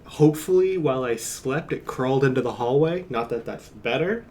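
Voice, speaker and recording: A man's voice: mid-range voice, lively intonation, moderate pace, darkish tone, slight background noise. A man streaming from home, chatting casually in a rambling, jokey way and chuckling often. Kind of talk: casual live-stream chat.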